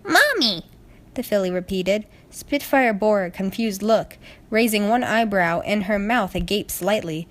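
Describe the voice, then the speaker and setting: A woman's voice: mid-range voice, a little slow. A woman narrating a storybook, reading it aloud steadily. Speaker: story reader.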